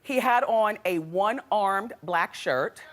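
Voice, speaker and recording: A woman's voice: mid-range voice, lively intonation, takes it slowly, a bit bright. A middle-aged woman hosting a daytime talk show, telling gossip stories in a chatty, dramatic way with frequent laughs. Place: TV studio with live audience. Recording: studio audience noise and crowd.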